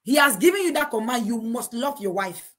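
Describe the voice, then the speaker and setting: Husky, preachy woman. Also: on the high side, expressive, brisk, a bit bright. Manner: earnest, preachy, rhetorical questions. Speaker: co-host of a couples talk show. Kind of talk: preachy advice talk to a live chat.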